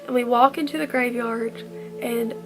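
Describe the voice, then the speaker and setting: Woman, high gravelly voice, earnest storytime vlogger. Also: fairly even intonation, moderate pace, music in the background. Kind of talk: storytime vlog.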